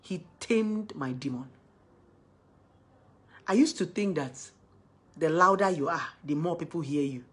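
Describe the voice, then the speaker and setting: A woman talking casually to camera about relationships, emphatic, swinging between loud exclamations and softer asides. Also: low-pitched, slightly rough. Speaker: relationship advice vlogger.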